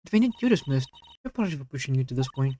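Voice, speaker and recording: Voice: medium pitch, sing-song, very fast, warm tone, slight background noise, natural voice. A player reading a stern judge in a fan visual novel, firm and formal.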